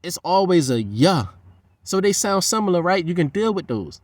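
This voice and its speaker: A man's voice: sits high, big pitch swings, moderate pace, dry recording. A man talking in a loose, profane, rambling monologue. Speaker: host.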